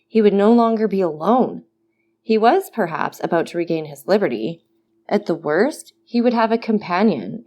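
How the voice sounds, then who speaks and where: A woman narrating a classic novel aloud in a steady, expressive reading. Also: fairly low pitch, a little hiss or hum. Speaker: audiobook narrator.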